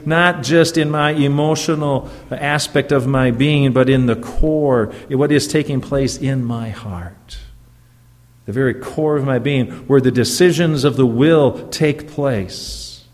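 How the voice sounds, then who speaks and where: A man's voice: mid-range voice, unhurried, in a large hall. A man who is a pastor preaching a sermon in an earnest, emphatic way, often stopping to check in with the congregation through rhetorical questions.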